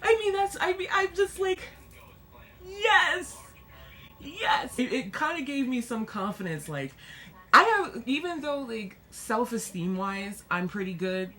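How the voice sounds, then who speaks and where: A young female vlogger chats casually to camera at a moderate pace, animated and excitable. She laughs often, jumps up high, and has a dark, self-deprecating humor.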